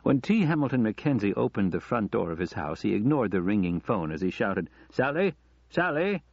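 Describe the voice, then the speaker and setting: A male audiobook narrator with a low, husky voice and a steady, measured delivery. The recording is dry and close, with a dull, lo-fi tone. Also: no echo.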